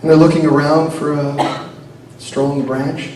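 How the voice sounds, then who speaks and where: A rabbi telling a teaching story in an animated way, with a few Yiddish words mixed in. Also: male voice, a little high, a little slow. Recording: very echoey room, distant mic, noisy.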